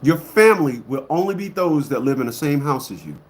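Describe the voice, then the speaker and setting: A man with a somewhat high-pitched voice delivers a ranting monologue to his online audience. He is blunt and emphatic and hammers the same words again and again. He swings between loud outbursts and low muttering. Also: lively intonation, brisk. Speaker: online commentator.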